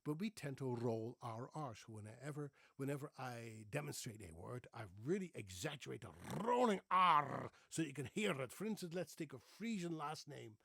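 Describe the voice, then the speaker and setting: A man's voice: mid-range voice, moderate pace, creaky, few pauses, no room sound. A middle-aged man from the Netherlands with a Dutch accent, a former radio newsreader, talking casually and animatedly to camera on his own channel. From Netherlands (Friesland). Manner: animated, playful, exaggerated rolled R demonstrations.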